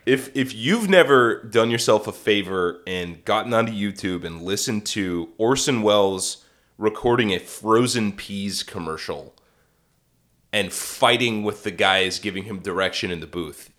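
A man's voice: fairly low pitch, measured pace. A man co-hosting a comedy podcast, swearing often and jumping into mock impressions while he tells stories. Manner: profane, animated, slips into mock impressions. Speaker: podcast co-host. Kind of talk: casual comedic chat.

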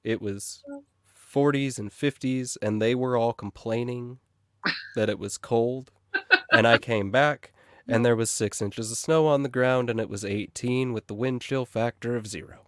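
Dry-sounding joking podcast host. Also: male voice, medium pitch, a little slow, a bit bright, no echo. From South Dakota. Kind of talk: casual chat.

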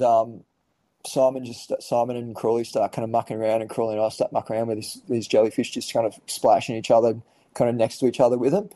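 A man's voice: medium pitch, dark tone, no room sound, poor audio. An Australian man, a podcast guest, telling a story casually with lots of fillers and swearing. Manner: laid-back, swears freely, lots of fillers.

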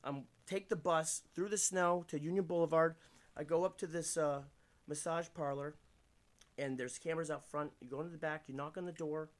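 A man's voice: on the high side, fairly even intonation, moderate pace. A male comedian from Pennsylvania telling crude, self-deprecating stories in a casual podcast chat indoors. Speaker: comedian guest. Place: indoors room.

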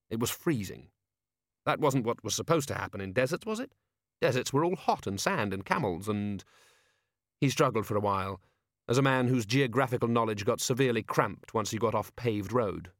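A man reading a novel aloud in measured, wry scripted narration. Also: lowish voice, expressive, no room sound, studio quality. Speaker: audiobook reader.

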